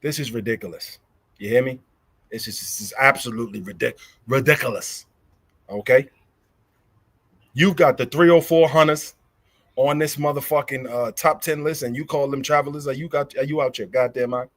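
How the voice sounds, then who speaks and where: A young adult man hosts a casual livestream, ranting heatedly and profanely while repeating himself over and over. His voice is mid-range and a bit bright at a moderate pace, and the recording is dry.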